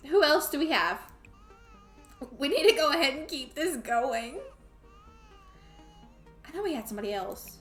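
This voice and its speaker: High-voiced woman chatting over gameplay. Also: sing-song, moderate pace, pauses often, fairly bright tone, echoey room, faint music behind. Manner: playful, scolding the game characters, laughing. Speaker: gamer streaming a life sim. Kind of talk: casual let's play commentary.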